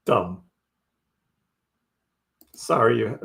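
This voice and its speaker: A man's voice: medium pitch, lively intonation, measured pace, gravelly, a bit bright. A middle-aged man hosting a crypto livestream, casually answering viewer chat with wry jokes and frequent laughs. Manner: chatty and wry, laughs often.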